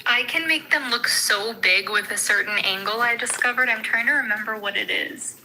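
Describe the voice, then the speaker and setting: A woman's voice: a little high, moderate pace, bright, forceful tone, a little hiss or hum, low-quality recording. A woman chatting casually and cooing at the animals in baby talk. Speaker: visitor with her dog. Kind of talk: casual street chat.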